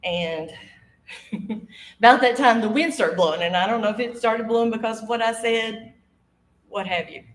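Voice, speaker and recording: Before a studio audience, a woman in her 50s tells a ghost story in a fairly high voice at a moderate pace, pausing often. There is a little hiss or hum and an echoey room. She acts out the voices lively and laughs frequently.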